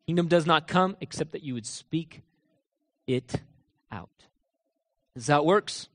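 High-voiced preacher in a reverberant hall. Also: male voice, lively intonation, a little slow. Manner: emphatic, rhetorical questions, drops to quiet asides. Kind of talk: sermon. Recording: long reverb of a large hall.

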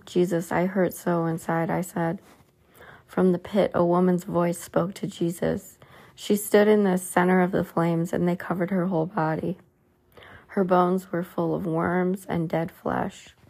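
A woman's voice: lowish voice, creaky, darkish tone. A woman reading a religious book aloud in an earnest, pleading way.

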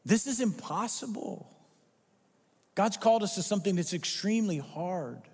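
A man's voice: high-pitched, lively intonation, normal speed, a little mellow, husky, in a large hall. A male pastor preaching a sermon with emphatic delivery, firing rhetorical questions at the congregation.

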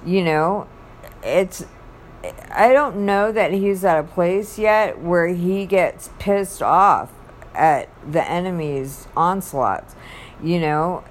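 A woman with a low voice and an unhurried pace talks casually about faith. She rambles, halts and restarts her sentences mid-thought, like a ministry worker recounting her day. Faint noise sits behind her.

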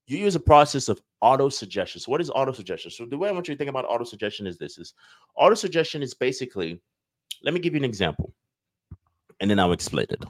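A self-help video host teaches his viewers casually, rambling through a lesson and acting out everyday scenes with little voices. His mid-range voice is sing-song and quick, and the recording is dry.

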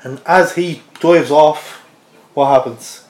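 A man's voice: a little high, slow, a little mellow. An Irish man, a podcast guest, telling an anecdote casually and chuckling through it. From Ireland. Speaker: interview guest. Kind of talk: casual storytelling. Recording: roomy echoey podcast audio.

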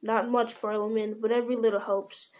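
Woman reader voicing a quiet, weathered male wanderer, measured and grave, storybook tone. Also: level tone, close to an everyday voice. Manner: low, measured, blunt. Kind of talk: storybook reading.

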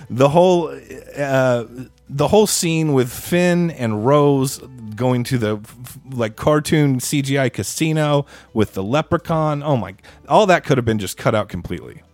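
Male podcast co-host, mid-pitched, argumentative ranter, swears a lot, dry sound. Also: lively intonation, measured pace, darkish tone, no room sound, soft background music. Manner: argumentative, profane rants. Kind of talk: casual heated movie debate.

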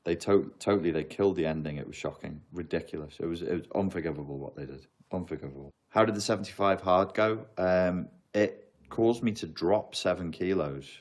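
A man's voice: low voice, fairly quick, hardly any pauses. A man streaming live, answering chat questions in a casual chat and ranting with emphatic repeats. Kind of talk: casual livestream Q&A.

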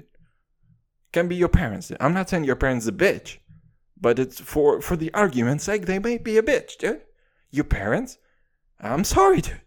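Man, podcast host, profane comic rant, lively pitch swings. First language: Russian. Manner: profane, animated ranting with constant "dude".

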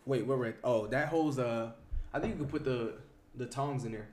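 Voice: medium pitch, moderate pace, a little mellow. A young adult co-hosting a podcast in casual chat, laid-back and joking. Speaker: podcast co-host.

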